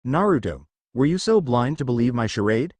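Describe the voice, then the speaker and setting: A man's voice: medium pitch, sing-song, brisk, darkish tone, no room sound. A man voicing an enraged, scheming young male devil heir who bellows and screeches his lines. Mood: furious.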